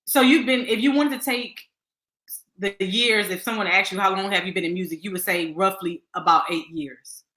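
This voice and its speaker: A woman's voice: medium pitch, moderate pace, pushed and bright, reverberant, poor audio. A woman interview host with a Houston Southern accent, chatty and encouraging with her guest. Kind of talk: casual interview chat.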